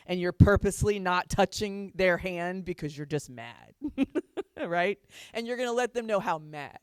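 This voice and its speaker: A woman's voice: on the low side, clean tone, no echo, studio quality. A woman counselor giving a chatty talk on parenting to an audience, laughing often as she makes her points.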